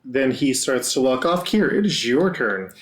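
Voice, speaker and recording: A man's voice: medium pitch, very animated, moderate pace. A man narrating as game master of a tabletop game, easygoing with joking asides.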